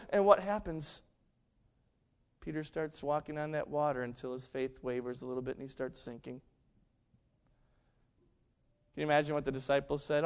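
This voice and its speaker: A man preaching a sermon, telling a story and acting out the quoted lines with big swings between loud and quiet. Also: on the high side, little pitch movement, fairly quick, smooth. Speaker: pastor.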